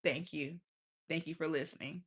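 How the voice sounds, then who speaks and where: A woman's voice: low voice, fairly even intonation, normal speed, slightly rough. A young adult woman talking casually and bluntly on a livestream, often profane and laughing. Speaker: live streamer.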